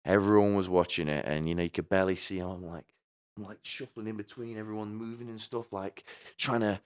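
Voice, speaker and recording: A man's voice: lowish voice, steady tone, quick pace, clean tone, dry recording, clean studio sound. A man hosting a podcast, telling rambling personal stories with crude jokes and asides. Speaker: podcast host. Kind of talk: comedic personal monologue.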